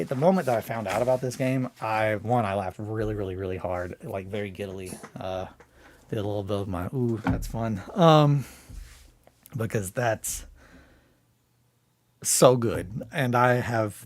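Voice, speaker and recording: A man hosting a casual morning chat stream, talking in an excitable, rambling way with many restarts. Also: on the low side, moderate pace, dry recording. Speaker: hobby streamer.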